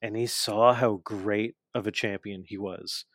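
A man's voice: lowish voice, fairly even intonation, a little slow, fairly bright tone, no room sound, studio quality. A man casually recapping wrestling matches with a co-host, telling the action with enthusiasm and acting out the wrestlers' lines. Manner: frequent fillers and restarts.

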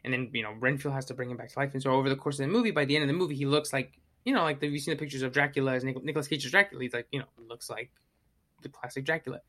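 A podcast co-host in casual movie-review chat, talking in an animated way, swearing and acting out their own reactions. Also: mid-range voice, racing.

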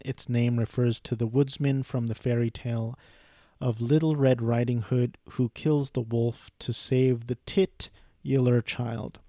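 A young man gives a casual film review, rambling, swearing freely, restarting often and breaking off into asides. His voice is mid-range and mellow, recorded dry with clean studio sound.

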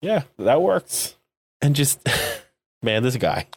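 A man's voice: medium pitch, big pitch swings, slow, a little mellow, slightly rough, no echo, clean studio sound. A man co-hosting a podcast in casual chat, recapping a show with jokes, laughing often and acting out characters' lines. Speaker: podcast co-host.

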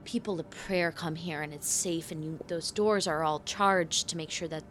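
A woman's voice: deep voice, fairly even intonation, moderate pace, fairly bright tone, a little hiss or hum. A woman voicing a male priest who speaks earnestly and stammers when flustered. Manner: stammering, reassuring.

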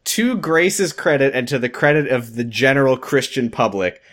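A man's voice: mid-range voice, normal speed, a bit bright. A man co-hosting a podcast, recapping a show in wry, casual comedic chat. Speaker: podcast co-host.

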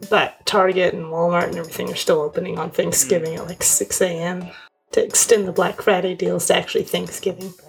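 A woman co-hosting a casual gaming podcast, reading out deals in a deadpan, wry way. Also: fairly low pitch, brisk, creaky, soft background music. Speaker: podcast co-host. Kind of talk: casual chat.

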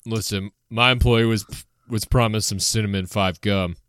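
A man playing a stern male restaurant manager with a forced deep voice in a comedy sketch. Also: fairly even intonation, normal speed, fairly bright tone, clear, resonant tone, close to an everyday voice. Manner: stiff, officious.

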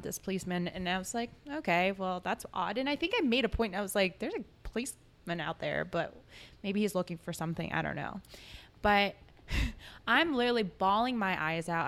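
A young woman telling a story as a podcast guest, halting and full of fillers. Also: mid-range voice, a bit bright. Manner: halting, full of likes and ums.

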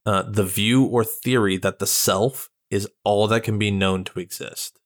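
A man's voice: fairly low pitch, steady tone. A man co-hosting a podcast, speaking hesitantly and reading out definitions in casual chat. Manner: halting, hesitant with restarts. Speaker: podcast co-host.

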